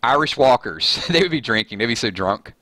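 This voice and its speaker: On a relaxed live stream, a chatty host with a Southern US drawl reads viewer comments aloud, joking and poking fun at himself. His medium-pitched voice is bright and forward and moves fairly quickly, captured close and dry with no room sound.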